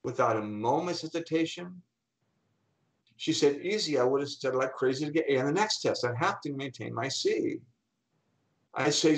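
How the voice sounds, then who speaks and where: Gravelly-voiced man telling lively stories. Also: mid-range voice, normal speed, pauses often, low-quality recording. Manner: animated anecdotes, acting out the people he quotes. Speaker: guest speaker and coach. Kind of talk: storytelling in an interview.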